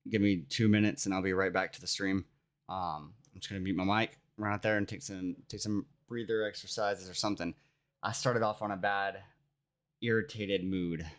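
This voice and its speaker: A man with a fairly low voice vents to his live stream audience. He sounds irritated and goes over the same points again and again, talking casually into a desk mic at home. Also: clear, resonant tone. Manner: irritated, venting, repeats himself.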